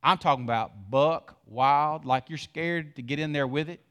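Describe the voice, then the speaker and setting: A man's voice: on the high side, moderate pace, fairly bright tone, clear, resonant tone. A man preaching a folksy sermon, asking the congregation questions and rising in volume to stress points. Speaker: pastor.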